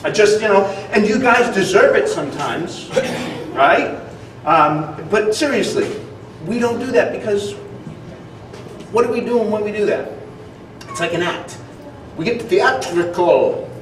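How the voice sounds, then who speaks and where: A man's voice: high-pitched, animated, unhurried, long pauses, background noise. Casual man preaching in an echoey hall. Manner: casual, conversational preaching with frequent fillers. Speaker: pastor. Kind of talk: sermon. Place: church hall. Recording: echoey hall, distant mic.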